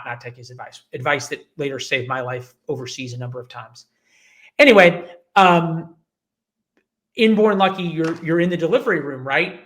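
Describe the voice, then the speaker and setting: A man's voice: on the high side, fairly bright tone. A man in his forties, a journalist guest telling his life story in an interview, acting out the people he quotes. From United States. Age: 40s.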